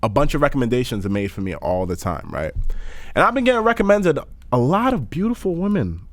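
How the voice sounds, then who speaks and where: A young man co-hosting a podcast, chatting in loose, joking slang. His pitch rises and falls a lot as he talks. The sound is close and dry, with no room echo. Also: big pitch swings, fast talker. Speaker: podcast co-host. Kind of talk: casual chat.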